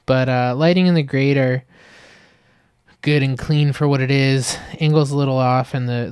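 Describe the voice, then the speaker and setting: A man giving a casual, rambling critique of an ad, full of fillers, who acts out little scenes in higher voices. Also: darkish tone, clean tone, no echo, clean studio sound. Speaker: video critic reviewing ads.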